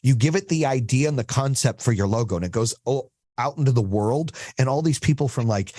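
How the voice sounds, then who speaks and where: A man's voice: mid-range voice, darkish tone, no room sound. A man coaches a small group on business in a blunt, profane, storytelling manner, acting out quotes from clients. His voice sits in a middle range and is recorded close and dry, with almost no room sound. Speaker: podcast host and business coach.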